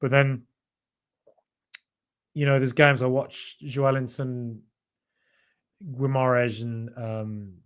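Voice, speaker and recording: A man's voice: mid-range voice, level tone, slow pace, long pauses, clean tone. An English man with a mild Birmingham accent hosting a football podcast live, chatting casually with many ums and restarts, his voice tiring late at night. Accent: mild Birmingham (Brummie). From England. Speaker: podcast host reading live chat. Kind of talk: casual live-stream chat.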